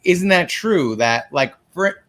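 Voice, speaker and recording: A man's voice: high-pitched, expressive, takes it slowly, a bit bright. A man co-hosting a casual podcast, reasoning aloud in a reflective, hesitant way. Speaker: podcast co-host. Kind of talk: casual conversation.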